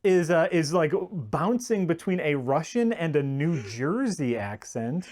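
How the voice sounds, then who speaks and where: A man with a somewhat raised voice critiquing a film on a podcast. He speaks in a measured, halting way, pausing on "uh" as he gathers his thoughts. His tone is dry and critical, in a casual chat. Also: fairly high pitch, very animated, a little mellow. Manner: measured, hesitant, with many "uh" pauses, dryly critical.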